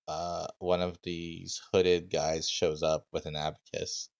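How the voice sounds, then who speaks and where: A man game master streaming a tabletop session, talking casually and haltingly with many ums and uhs. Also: deep voice, flat delivery, creaky, no room sound.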